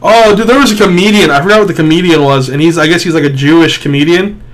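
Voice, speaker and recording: A man's voice: on the high side, fast, low-quality recording. A young man co-hosting a casual podcast, laughing often as he retells stories. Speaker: podcast co-host.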